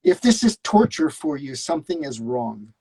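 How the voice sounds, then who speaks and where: A man's voice: fairly high pitch, very animated, normal speed, mellow, slightly rough. A man co-hosting a lesson, taking the student role, talking in an upbeat and agreeable way. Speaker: co-host acting as student. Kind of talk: casual chat.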